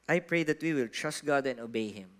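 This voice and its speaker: A man with a Filipino accent, preaching a sermon in church, animated and asking the congregation questions, moving between soft and loud. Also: mid-range voice, fairly quick. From Philippines. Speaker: pastor.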